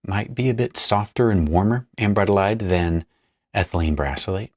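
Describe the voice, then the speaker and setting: Man, very low voice, relaxed tutorial narrator thinking aloud, dry close sound. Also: normal speed, no echo. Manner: thinks aloud while working, chatty asides. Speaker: perfumer demonstrating a blend. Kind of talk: casual hands-on tutorial narration.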